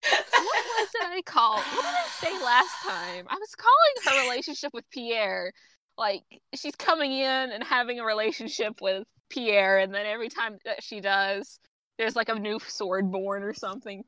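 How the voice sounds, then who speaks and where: A woman's voice: a little high, lively intonation, normal speed. A woman co-hosting a casual chat among friends, giggly and playful. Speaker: podcast co-host. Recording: dry close recording.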